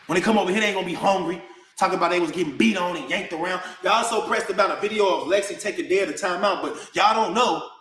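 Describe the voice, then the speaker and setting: A man's voice: sits high, fast, fairly bright tone. A man in a heated, confrontational rant to camera, answering his critics in slangy talk and calling people "bro" again and again. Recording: echoey room.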